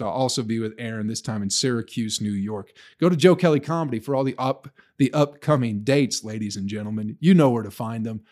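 A man's voice: medium pitch, darkish tone. A man, a stand-up comedian, talking in a loose, profane monologue and laughing at his own stories. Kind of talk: casual solo podcast monologue.

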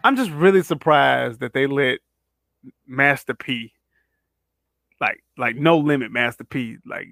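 A man co-hosting a casual podcast chat, relaxed and slangy, often listing things off. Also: medium pitch, unhurried, gravelly, long pauses, dry recording, studio quality. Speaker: podcast co-host.

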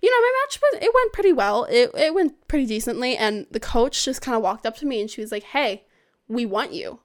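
A young woman, a college athlete, chatting as a podcast guest, telling animated stories with quoted voices and frequent laughter. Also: a little high, fast. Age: young adult. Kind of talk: casual podcast chat.

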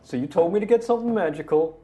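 Man playing an excitable adventurer, high voice, indignant. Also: fast talker, soft background music.

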